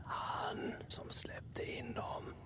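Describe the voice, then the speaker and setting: An eerie forest spirit. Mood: ominous. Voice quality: hushed, slow whisper. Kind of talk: eerie whispered game voice.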